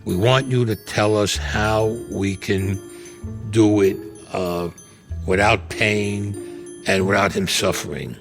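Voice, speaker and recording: A man's voice: on the low side, steady tone, slow, creaky, soft background music. A man, telling a story bluntly and profanely in an interview. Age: 70s. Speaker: interview guest.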